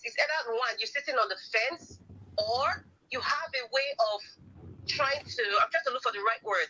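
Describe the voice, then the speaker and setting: A woman's voice: fairly high pitch, pushed and bright, husky, rough recording. A Nigerian woman debating as a panelist, insistent and repeating her points. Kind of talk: heated debate.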